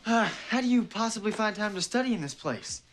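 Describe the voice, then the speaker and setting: A man's voice: sits high, expressive, brisk, noisy background. A young actor playing a bashful male college debater who stammers and talks himself down. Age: young adult. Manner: stammering, self-deprecating.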